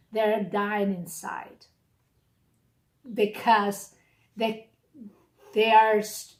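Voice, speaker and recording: Blunt woman giving a tarot reading. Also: fairly high pitch. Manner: blunt, encouraging, direct address to viewer. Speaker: tarot reader. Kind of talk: casual tarot reading to camera. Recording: echoey room.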